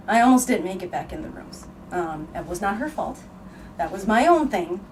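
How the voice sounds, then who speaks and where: A woman hosting a podcast, speaking with frank, emotional candor and the odd curse word. Her voice sits at a middle pitch and sounds set back from the mic. There is clear background noise throughout. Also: a little mellow, far from the mic, poor audio. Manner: emotional, earnest, frank with occasional swearing. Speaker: podcast host. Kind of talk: candid conversational storytelling.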